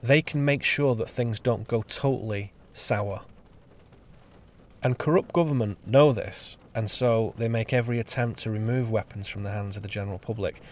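Sardonic low-voiced man. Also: normal speed. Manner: emphatic, sardonic, stresses lists word by word. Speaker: podcast host and author. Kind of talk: improvised spoken-word essay. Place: on location.

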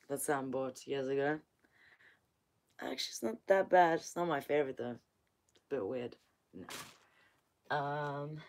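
A woman hosting a casual livestream, chatty and profane, slightly nasal from a cold and often dropping to a murmur. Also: deep voice.

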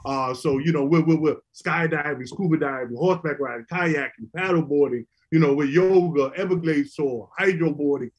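A man's voice: a little high, moderate pace, few pauses, slightly rough. A middle-aged man, a former basketball player, telling stories casually and with animation about his recovery program. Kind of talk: casual storytelling.

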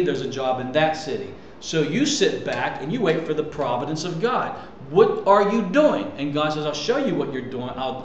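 High-voiced animated male preacher. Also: muffled recording. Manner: animated, swings loud and soft, repeats words. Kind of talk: sermon. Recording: echoey room with faint ambient noise.

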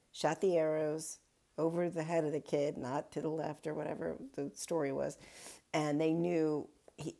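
A woman's voice: low-pitched, warm tone. A woman pastor giving a casual daily Bible reflection, retelling the story in a chatty way with wry asides.

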